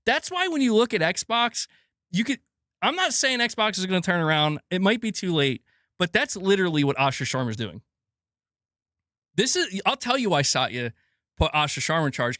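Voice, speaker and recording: A man's voice: sits high, sing-song, normal speed, pushed and bright, no echo, studio quality. A man hosting a gaming news show, ranting casually with lots of swearing and restarts, laughing and mocking people as he goes. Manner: profane, rambling, laughs often, mocking voices. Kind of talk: casual opinion rant.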